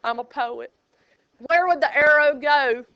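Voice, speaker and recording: A woman teaching a high school math class, chatty and joking, quizzing her students as she goes. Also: measured pace, muffled recording. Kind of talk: classroom lecture.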